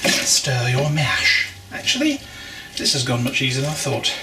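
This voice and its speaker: A man's voice: mid-range voice, big pitch swings, measured pace. Man chatting through a home brew. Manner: chatty, explaining as he works, wry asides. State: exerting while stirring. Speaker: home brewer. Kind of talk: casual how-to vlog narration. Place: home brewing setup. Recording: loud background noise with clattering.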